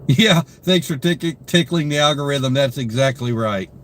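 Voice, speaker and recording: A young man chats through his live stream, worn out and yawning, reading viewer comments aloud and greeting them by name. His talk rambles with plenty of fillers, in an everyday mid-pitched voice. A faint hiss sits under the desk-mic recording. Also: moderate pace, fairly bright tone. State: tired, yawning. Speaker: livestream host.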